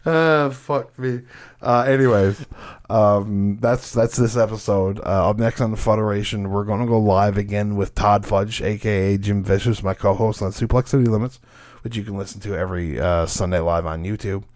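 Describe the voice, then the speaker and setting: Brief: young male podcast host, loose and profane, drifting quieter at times. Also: lowish voice, fairly even intonation, moderate pace. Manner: profane, laughing, trailing off quietly. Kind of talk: casual chat.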